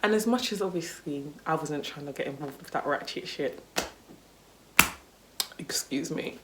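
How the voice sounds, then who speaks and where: A woman's voice: sits low, moderate pace, slight background noise. A young woman vlogging a casual story time, candid and chatty, with lots of "like" and "you know" and some swearing. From United Kingdom.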